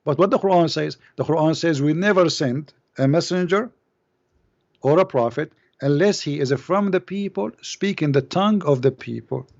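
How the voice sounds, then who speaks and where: A man's voice: fairly high pitch, normal speed, creaky, darkish tone. Man questioning over a dull line. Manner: questioning, many hesitant fillers.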